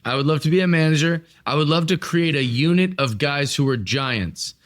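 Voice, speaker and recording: A man's voice: on the high side, moderate pace. A man co-hosting a wrestling podcast, talking in a playful, boastful heel-style bravado. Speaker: podcast co-host. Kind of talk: comedic casual chat.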